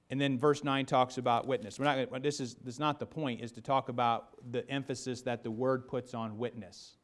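A man preaching a sermon, rising into emphatic bursts and then dropping low, often restarting words as he builds a point. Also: fairly even intonation, a little fast, hardly any pauses. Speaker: pastor.

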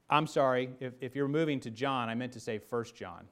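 Guy preaching a sermon, gets loud and punchy then drops real low, restarts words a lot. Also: a little fast, hardly any pauses. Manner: animated, rising to emphatic bursts then dropping low; repeats and restarts words when building a point. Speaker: pastor.

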